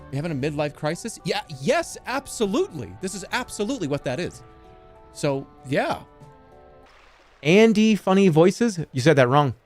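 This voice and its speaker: Lively joking man streamer in his thirties. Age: 30s. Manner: animated and jokey, swings between loud outbursts and low mutters. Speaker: livestreamer. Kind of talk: casual chat with live chat.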